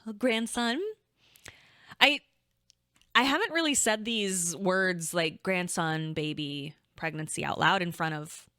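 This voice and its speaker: A woman's voice: fairly low pitch, pushed and bright, clear, resonant tone, no echo, clean studio sound. A young woman co-hosting a podcast, telling a story casually and rambling, full of "like" and restarts. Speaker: podcast co-host.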